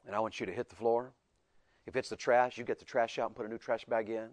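A middle-aged man preaching a sermon to men, swinging between loud and soft and acting out voices. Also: mid-range voice, steady tone, fast talker.

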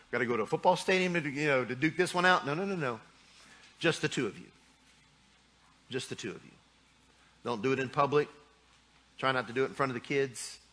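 Bright-voiced joking pastor, a man. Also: medium pitch. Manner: folksy, joking, acts out little scenes. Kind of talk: sermon.

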